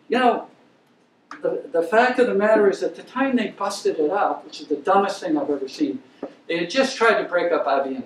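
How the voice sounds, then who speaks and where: An older man giving an anecdotal lecture, telling stories in a blunt, emphatic, opinionated way. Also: high-pitched. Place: lecture room. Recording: roomy, distant mic with faint hiss.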